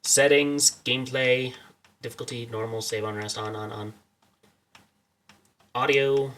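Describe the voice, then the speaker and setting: A man's voice: mid-range voice, fairly even intonation, unhurried, a bit bright. A young man streaming a video game, joking and rambling as he chats to his viewers in a casual way. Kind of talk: casual let's-play commentary.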